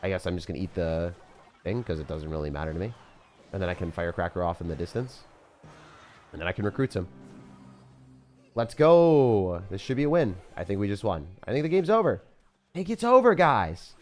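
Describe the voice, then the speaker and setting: A man giving live gameplay commentary as a streamer, casual and jokey, with sudden loud excited outbursts. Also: deep voice, brisk, long pauses. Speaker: game streamer.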